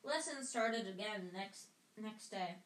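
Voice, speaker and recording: A woman's voice: medium pitch, expressive, slow, reverberant, low-quality recording. A woman reading a novel aloud at home, often tripping over words and going back to correct herself. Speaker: audiobook reader. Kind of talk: amateur read-aloud of a novel.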